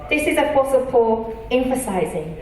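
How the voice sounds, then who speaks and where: A woman pastor preaching a sermon, earnest and emphatic, reading scripture slowly. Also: fairly high pitch, animated, darkish tone. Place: church auditorium. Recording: echoey church hall from a distance.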